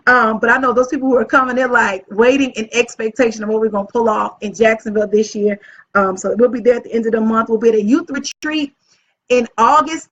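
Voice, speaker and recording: A woman hosting a casual live video as an event planner, upbeat and chatty, often gushing about how excited she is. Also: a little high, fast, slight background noise. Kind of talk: casual live-stream talk. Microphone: phone or webcam live stream. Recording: dull lo-fi live-stream audio.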